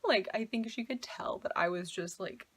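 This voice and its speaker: Breathy young woman telling a travel story. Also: mid-range voice, moderate pace, fairly bright tone. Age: 20s. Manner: chatty, fills talk with "like", anxious retelling. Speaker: travel vlogger. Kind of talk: casual storytelling.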